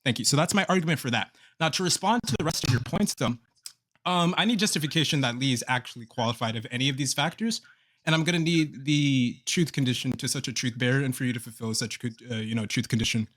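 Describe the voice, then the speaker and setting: A man's voice: medium pitch, fast, a bit bright, slight background noise. A man in an online debate, mock-polite, reading out numbered premises and chuckling between them. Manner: mock-polite, reads premises aloud with laughs. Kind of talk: online debate, reciting a formal argument.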